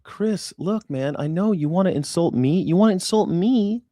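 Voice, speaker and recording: A man hosting a live news reaction stream. He talks straight to his chat in a sarcastic, mocking way and swings between loud jabs and hushed asides. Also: sits high, animated, normal speed, no echo, clean studio sound.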